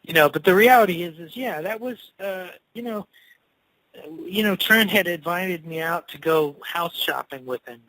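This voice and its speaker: A man telling a rambling, animated story in a casual interview, swearing freely along the way. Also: high voice, normal speed, no echo, poor audio. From Cleveland. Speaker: interviewed musician.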